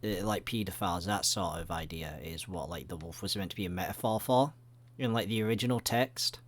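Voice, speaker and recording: A man's voice: low voice, a little fast. A man giving rambling, jokey let's-play commentary, swearing often. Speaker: gaming video creator.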